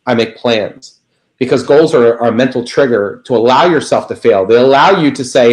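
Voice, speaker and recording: A man on a video call, a guest telling an animated story in a casual interview. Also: medium pitch, normal speed, echoey room, low-quality recording. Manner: animated anecdote teller, lively quoted voices. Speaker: guest speaker.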